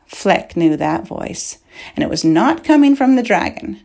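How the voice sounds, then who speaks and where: Measured woman audiobook narrator. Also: medium pitch, very animated, vocal fry, darkish tone. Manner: measured, dramatic storytelling. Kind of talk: scripted narration.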